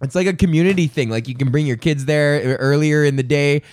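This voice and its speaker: A man's voice: a little high, quick pace, a little mellow, dry recording. A young man hosting a comedy podcast, ranting casually with lots of swearing and laughter. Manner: profane, laughing, jumps into silly mock British voices. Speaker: podcast host.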